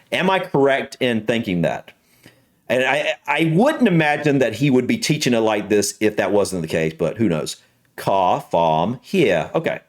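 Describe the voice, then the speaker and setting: An American man hosting a reaction video, chatting casually and repeating practice words while laughing at himself. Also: mid-range voice. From United States. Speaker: reaction channel host.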